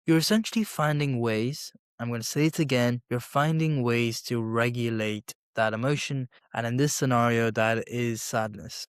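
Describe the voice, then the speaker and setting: A man's voice: mid-range voice, clean tone, dry recording, clean studio sound. A man hosting a solo podcast, explaining step by step and repeating his points with everyday examples. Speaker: podcast host.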